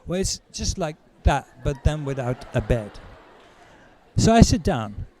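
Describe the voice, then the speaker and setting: A man doing stand-up comedy, telling a story with animated, stammering, self-mocking delivery before a live audience. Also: fairly high pitch, a little slow, slight background noise.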